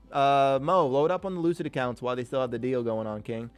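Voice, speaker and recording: This man's clear, resonant voice sits at medium pitch, steady in tone and brisk in pace. He's running a live day-trading stream, chatting casually in upbeat slang, pumping up his audience and calling them "King."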